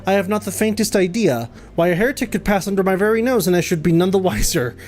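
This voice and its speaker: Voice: mid-range voice, fast, a little mellow, faint music behind, lightly acted. A streamer doing a pompous dragon hunter. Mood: haughty. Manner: pompous, archaic phrasing. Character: haughty male dragon hunter.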